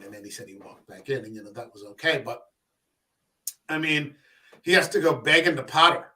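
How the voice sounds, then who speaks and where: A man's voice: a little high, expressive, fairly quick, pauses often, sharp tone. A man co-hosting a casual film podcast, telling stories in a rambling way and swearing freely. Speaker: podcast co-host. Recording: voice a bit far from the mic.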